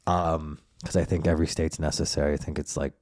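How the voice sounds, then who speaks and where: A man's voice: extremely low pitch, flat delivery, fast talker, a little mellow, no room sound, studio quality. A man hosting his own podcast, talking in a rambling, profane, casual monologue. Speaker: podcast host.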